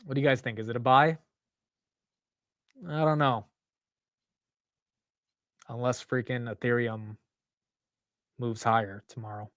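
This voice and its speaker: A man hosting a live stock market stream, talking casually and excitably with loose slang and frequent laughs. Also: medium pitch, measured pace, pauses often, dry recording, clean studio sound. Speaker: market livestream host.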